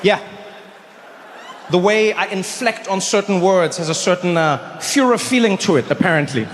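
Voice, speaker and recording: A man doing stand-up storytelling, animated and acting out characters mid-story on a large theater stage. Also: sits high, normal speed, in a large hall, a little hiss or hum. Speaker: stand-up comedian.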